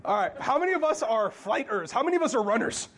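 A man with a notably high voice preaching in church. He talks loosely and conversationally, cracks jokes and keeps asking the congregation questions. The delivery feels like chatting with friends from the pulpit. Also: very animated, fast talker, a bit bright. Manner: conversational, joking, asks the crowd questions. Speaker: pastor. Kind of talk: sermon.

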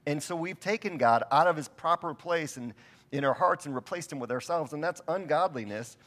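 A man's voice: on the high side, fairly quick, fairly bright tone. A middle-aged man preaching a sermon, telling stories in a casual, conversational and self-deprecating way. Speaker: pastor.

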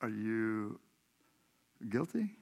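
Speaking extremely slowly but very animatedly, a man with a fairly low, slightly mellow voice and vocal fry preaches a sermon in a church sanctuary. The pastor, from Washington state, USA, tells a personal story in a chatty way, often laughing as he talks directly to the congregation.

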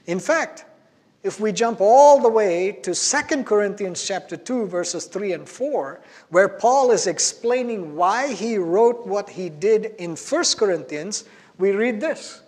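A man preaching a sermon as pastor, earnest and emphatic, slowing down to stress key phrases. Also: sits high, animated, a little mellow, in a large hall.

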